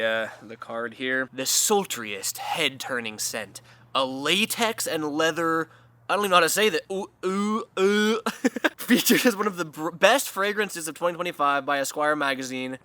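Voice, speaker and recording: A man's voice: mid-range voice, pushed and bright, no room sound. A man in a casual vlog, talking in a playful, self-deprecating way and chuckling often while reading sponsor copy. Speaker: vlogger doing a sponsored segment.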